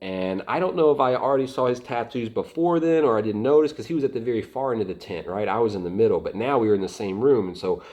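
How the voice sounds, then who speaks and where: A man from Atlanta recounts his time as a volunteer fighter in a casual storytelling voice. His pitch sits a little low. He rambles, often stalling and restarting his sentences as he goes. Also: lively intonation, a little mellow, lo-fi sound. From Atlanta, United States. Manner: rambling, halting, many restarts.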